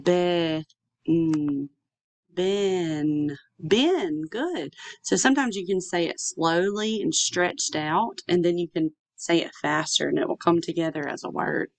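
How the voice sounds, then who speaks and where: A woman teaching a phonics lesson to young children, sounding out letters slowly and stretching each sound. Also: on the low side, vocal fry, no room sound.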